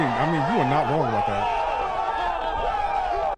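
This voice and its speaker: Lively, playful man bantering on stream. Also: a little high, takes it slowly, over a noisy crowd, very noisy. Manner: playful teasing banter, laughs often, slangy. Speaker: live game streamer. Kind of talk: casual stream chat with viewers.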